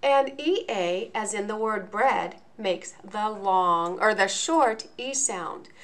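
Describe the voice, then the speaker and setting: A woman teaching a lesson in a video, explaining each point slowly and enunciating clearly. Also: mid-range voice, fairly bright tone. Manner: slow, deliberate, clearly enunciated.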